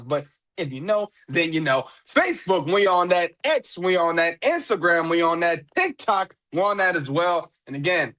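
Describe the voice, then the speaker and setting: A young man with a high-pitched voice hosts a casual wrestling podcast. He talks excitably into a podcast mic, repeats himself and laughs a lot. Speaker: podcast host.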